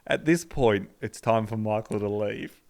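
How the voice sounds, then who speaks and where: A man hosting a podcast, telling an anecdote in casual chat, animated and laughing often. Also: lowish voice, a little slow, vocal fry. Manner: animated, laughs often, reads out a speech in a put-on earnest tone. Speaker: podcast host telling a story.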